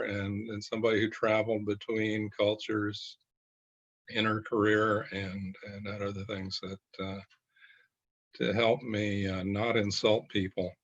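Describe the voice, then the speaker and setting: A man who is a pastor, talking slowly and haltingly with many fillers in a reflective group discussion. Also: on the low side, gravelly, breathy edge, lo-fi sound.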